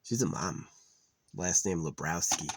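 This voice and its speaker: A man's voice: sits low, lively intonation, a little slow, background noise. A man vlogging outdoors in a rambling, profane, casual monologue that trails off into mutters. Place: outdoors in nature.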